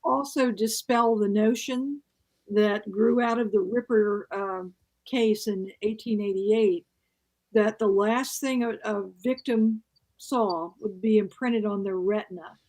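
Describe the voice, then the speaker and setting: A woman co-hosting a podcast, asking measured, precise questions in casual talk. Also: medium pitch, darkish tone. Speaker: podcast co-host. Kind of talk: casual conversation.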